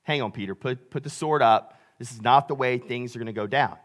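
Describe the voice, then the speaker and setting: A man voicing a calm, gentle adult male teacher who speaks in a plain, reassuring way. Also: fairly high pitch, moderate pace.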